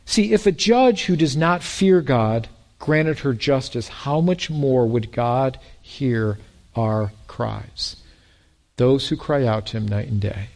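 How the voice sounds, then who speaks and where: A man preaching a sermon in a lively way, with joking asides and repeated words. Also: medium pitch, slow pace, creaky. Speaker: pastor.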